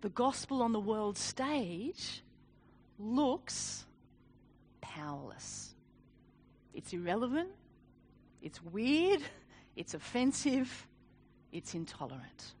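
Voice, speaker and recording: A woman gives a sermon built around a personal story. Her voice sits high and moves all over the place as she talks. She is animated, pokes fun at herself and laughs easily. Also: slow pace, pauses often, a little hiss or hum. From Australia. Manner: animated, self-deprecating, laughs often. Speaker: speaker.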